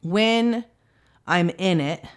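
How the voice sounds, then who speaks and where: A woman in her thirties with a fairly low voice talks candidly about family life as a podcast guest. She tells stories animatedly, her pitch swinging widely as she pokes fun at herself. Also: drawn-out words. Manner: animated, candid, self-mocking storyteller with big pitch swings. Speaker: guest, mother of three.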